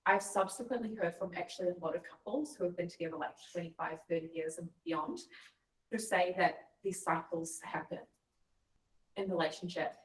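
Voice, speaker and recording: Woman guest, lowish voice, heard a bit off-mic in an echoey room, earnest reflective storyteller. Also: normal speed, distant mic. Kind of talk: casual chat.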